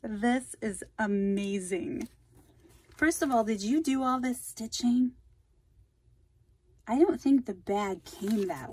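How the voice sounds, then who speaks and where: A woman's voice: a little high, slow, long pauses, darkish tone, slightly rough. A woman hosting a casual craft vlog, opening mail from viewers and thanking them effusively. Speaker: craft channel host.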